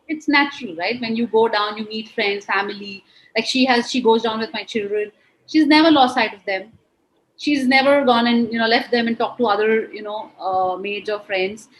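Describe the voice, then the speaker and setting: Interview guest: woman, 40s, Indian English accent, slightly high voice, heartfelt and earnest, many "you know"s. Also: poor audio.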